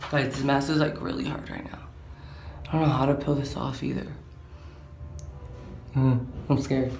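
This eighteen-year-old vlogger's voice is mid-range and a little mellow, with vocal fry and little pitch movement, at normal speed. He chats casually through a storytime, rambling in slang and leaning on "like." The audio has a roomy echo and a faint background hum.

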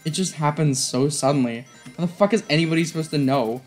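A woman commenting on a story game as she plays, reading its dialogue aloud and swearing and yelling in frustration. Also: low voice, quick pace, soft background music. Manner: swears freely and yells in frustration; reads the game's dialogue lines aloud. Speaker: gamer playing through a story game. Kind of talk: let's play commentary.

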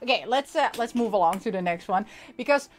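A woman hosting a casual anime recap and toy unboxing, excitable and often laughing as she acts out lines. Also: medium pitch, fairly quick.

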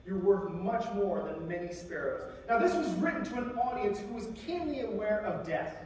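A high-voiced male military chaplain preaching a sermon. He keeps it conversational and gives the scripture quotes voices of their own. He is picked up from across a big chapel, with a long, ringing reverb and a faint hum behind him. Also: lively intonation, moderate pace, a little mellow. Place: large chapel. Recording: echoey chapel from far off.

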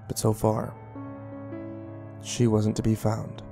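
A man's voice: fairly low pitch, monotone, slow, vocal fry, dark tone, soft background music. A man narrating a horror story in a dramatic scripted reading.

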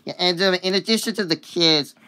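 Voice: mid-range voice, fairly quick, pushed and bright. A sick, coughing video uploader chatting casually about a cartoon song, rambling and hesitant with many fillers and apologies.

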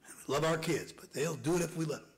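Male preacher, gravelly tone, fervent sermon delivery with hushed passages and shouted peaks. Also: fairly high pitch, fast talker, rough recording. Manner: builds from hushed murmurs to hoarse shouting. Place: church sanctuary.

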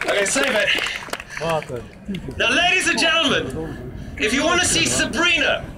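A cheeky man from England does his street show patter, high and lively in pitch, teasing the crowd and swearing for laughs. His voice is caught from a distance in an outdoor square. A loud crowd and street noise fill the background. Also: unhurried. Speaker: street performer. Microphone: far from the recording camera. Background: loud crowd and street ambience.

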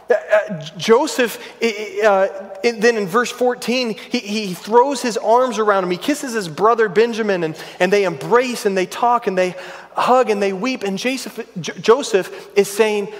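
A pastor preaching a sermon in a church, earnest and emphatic, building intensity on repeated phrases. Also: male voice, high-pitched, moderate pace. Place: church sanctuary. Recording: long reverb of a large church hall.

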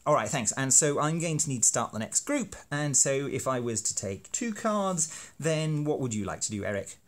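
Playful lecturer with a lively voice. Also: male voice, medium pitch, moderate pace. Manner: playful, self-deprecating, hammy. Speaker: university lecturer making teaching videos. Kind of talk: educational explainer.

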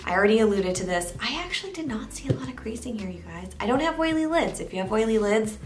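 A woman's voice: fairly high pitch, very animated, fast, faint music behind. A young woman giving a candid, chatty makeup review that she speaks straight to her viewers. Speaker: beauty reviewer. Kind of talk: casual product review vlog.

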